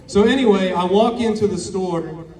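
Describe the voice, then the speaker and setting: A man's voice: high-pitched, normal speed. A man performing a crude, rambling stand-up set at an open mic, acting out the people in his stories. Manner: crude, rambling storytelling with acted-out quotes. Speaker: stand-up comedian. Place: open mic show in a bar or small venue. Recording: echoey room, mic from a distance. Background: crowd reactions.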